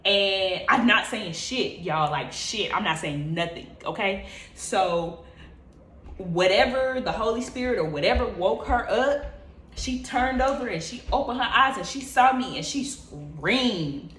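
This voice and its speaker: Expressive, profane woman storyteller; casual storytime vlog, echoey room. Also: medium pitch, measured pace, slight background noise. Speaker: vlogger.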